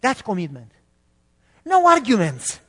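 A man from Romania, preaching a sermon in an animated, emphatic way. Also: very high voice, unhurried, in a large hall.

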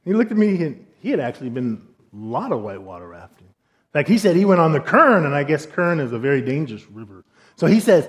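A middle-aged man with a high-pitched voice, telling a story from the pulpit. His delivery is animated and jokey, and he acts out the other people's lines. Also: fairly quick. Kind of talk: storytelling sermon.

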